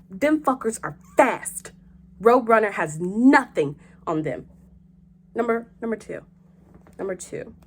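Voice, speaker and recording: A young woman hosting a vlog in casual chat, animated and joking, with frequent swearing. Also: a little high, a little hiss or hum. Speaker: host.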